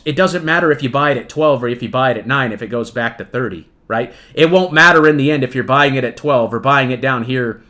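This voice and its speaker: A man's voice: medium pitch, pushed and bright. Emphatic man giving market commentary. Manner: emphatic, repetitive, peppers lines with "okay?" and "right?"; addresses viewers as "folks". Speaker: trading channel host.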